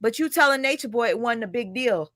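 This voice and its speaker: Bright, blunt woman commentator. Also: a little high, expressive, brisk, dry recording, clean studio sound. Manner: blunt, sarcastic, profane. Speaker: drama commentary narrator. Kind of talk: casual commentary voice-over.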